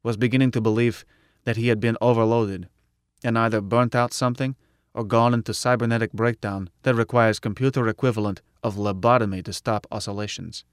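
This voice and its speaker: A male audiobook narrator tells the tale in the first person with a blunt, clipped delivery. His voice sits at a middle pitch, recorded dry and close. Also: fairly even intonation, fairly quick, clean tone, dry recording. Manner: blunt, clipped colloquial phrasing.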